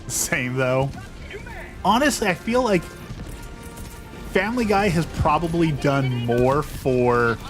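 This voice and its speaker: A man's voice: a little high, expressive, takes it slowly, long pauses, over music. Rambling young man chatting while gaming. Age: young adult. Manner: rambling, self-deprecating, frequent restarts. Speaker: streamer. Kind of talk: casual gameplay chat.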